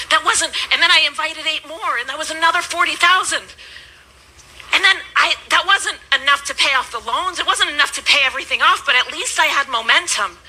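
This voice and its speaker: Emphatic high-voiced woman giving a motivational speech. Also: husky, low-quality recording. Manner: emphatic, repetitive, swings between loud and hushed. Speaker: business coach.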